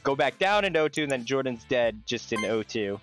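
A man's voice: mid-range voice, lively intonation, a little fast, a bit bright, faint music behind. Candid man recounting his game moves. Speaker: game player. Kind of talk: casual gaming chat.

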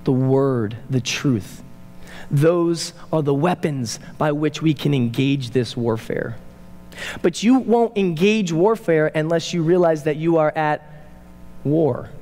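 A man pastor preaching a sermon in a church, emphatic, rising to loud urgent peaks and dropping to low quiet asides. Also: slow pace. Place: church sanctuary. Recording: church hall reverb.

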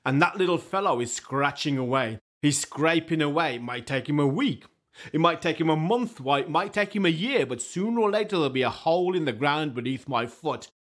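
A male storyteller voicing a giant statue of a monkey general, speaking slowly and deliberately in a booming voice. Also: lively intonation. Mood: slow, grand.

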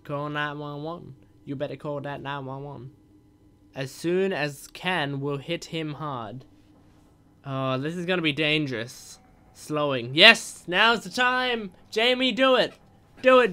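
A man hosting a gaming channel, excitedly reacting as he plays, reading text messages aloud and shouting at the screen. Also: fairly high pitch, clean tone. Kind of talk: reacting while playing a game.

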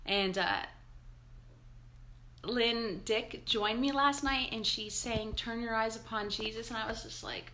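A woman's voice: a little high, measured pace, sharp tone, a little hiss or hum. A woman pastor leading a live-streamed morning devotional, chatty and upbeat as she greets viewers by name.

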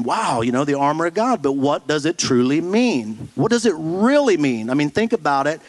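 Blunt folksy preacher man, higher voice. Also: rough recording. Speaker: pastor. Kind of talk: sermon.

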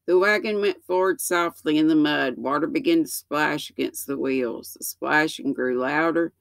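A woman in her sixties reading a children's book aloud, slow and gentle, with small slips that she corrects. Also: deep voice, creaky, no echo. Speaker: storyteller.

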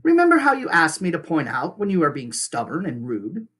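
A teacher reading aloud and voicing a practical, bossy female beaver with a brisk, scolding way of talking. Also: medium pitch, huge pitch swings, a bit bright, slight background noise.

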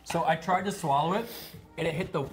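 A man's voice: a little high, a little fast, faint music behind. An American man in his thirties chatting casually on a dinner date, whiny and nervous but joking. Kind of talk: casual chat.

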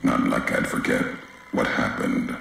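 An actor playing a grim, weary wasteland courier in a video game, speaking in a raspy, deep voice with slow, clipped, terse sentences. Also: male voice, sharp tone, heavy reverb.

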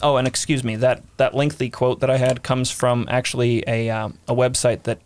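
A man's voice: mid-range voice, flat delivery, normal speed, darkish tone. Man chatting on a history podcast. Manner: reads letter quotes aloud, laughs easily. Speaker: podcast host. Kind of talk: casual history podcast chat.

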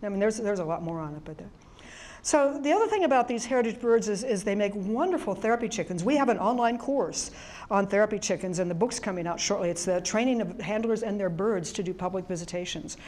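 Middle-aged woman presenter, animated storyteller, talks to a live audience. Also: medium pitch, fast. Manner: chatty, animated storyteller with many restarts and laughs.

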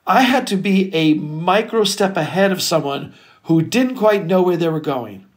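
A middle-aged record producer telling stories in an interview, animated and casual, swearing freely. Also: male voice, high-pitched, normal speed. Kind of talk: storytelling interview chat.

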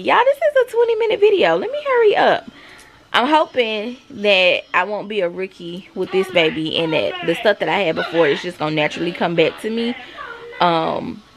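A woman's voice: mid-range voice, a bit bright. A woman in her thirties, a mother chatting casually and confidingly to her viewers at home. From South Carolina, US. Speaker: vlogger, mother. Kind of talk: casual chat to camera.

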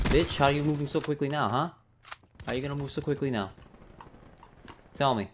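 A man's voice: mid-range voice, fairly quick, pauses often, background noise. A young man giving live commentary over a shooter game, frustrated and swearing at opponents. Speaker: gaming YouTuber.

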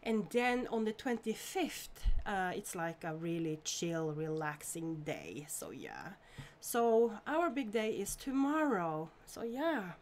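A woman's voice: mid-range voice, sing-song, takes it slowly, slight background noise. A woman from Norway hosting a casual live stream, chatting and greeting viewers by name with frequent laughs.

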